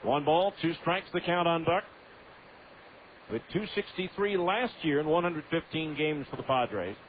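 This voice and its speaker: A male radio announcer calling baseball in a steady, stat-heavy play-by-play, in a fairly high voice. The broadcast sounds tinny and phone-like, with a faint hiss under it. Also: a little slow.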